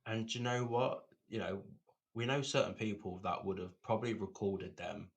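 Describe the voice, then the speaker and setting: A man's voice: lowish voice, fairly even intonation, moderate pace. A man co-hosting a podcast in casual chat, rambling and repeating words. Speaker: podcast co-host.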